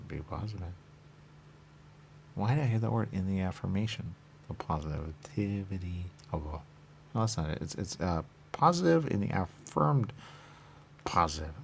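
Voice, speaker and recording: Speaking in a low voice with vocal fry, a man rambles through a repetitive, stream-of-consciousness monologue over slight background noise. He keeps muttering questions and answering them himself.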